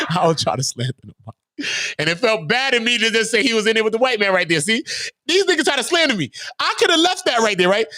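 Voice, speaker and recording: A man's voice: high-pitched, animated, fast, pushed and bright. A man hosting his own channel, ranting in a confrontational, profane way and firing off rhetorical questions. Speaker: channel host. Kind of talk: heated livestream rant.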